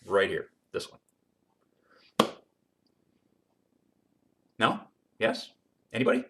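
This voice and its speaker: Guy building guitars on a livestream, reads out chat questions, lots of ums, average pitch voice. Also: expressive, normal speed, fairly bright tone. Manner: chatty, many ums, reads questions aloud. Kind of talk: casual livestream Q&A and demo.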